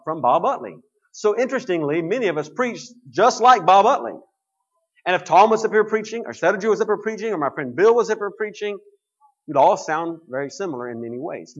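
A man's voice: a little high, husky, highs cut off. A man preaching a sermon to his congregation, explaining scripture in a conversational way.

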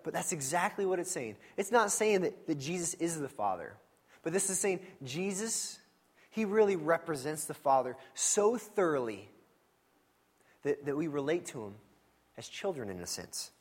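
A man preaching a sermon in a church, in a conversational and animated storytelling manner with frequent asides. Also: a little high. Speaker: pastor.

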